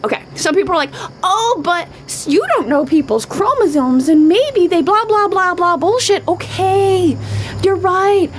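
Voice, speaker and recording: A woman's voice: sits high, a little hiss or hum, rough recording. A middle-aged woman ranting on a live stream, emphatic and repetitive, often swearing. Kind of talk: unscripted live-stream rant.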